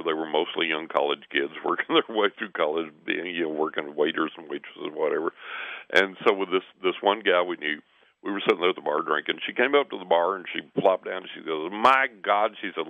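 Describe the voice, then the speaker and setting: A man telling stories in a relaxed conversation, lively as he acts out what others said. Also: very deep voice, gravelly, dry recording. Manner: animated storyteller, acts out quoted voices. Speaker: guest. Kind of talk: conversational storytelling. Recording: tinny phone line.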